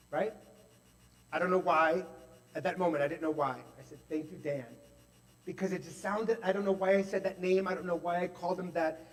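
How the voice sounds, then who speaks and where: High-voiced man preaching in a reverberant hall. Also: steady tone, a little fast. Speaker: speaker at a spiritual center service. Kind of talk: testimonial sermon. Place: large hall at a spiritual center.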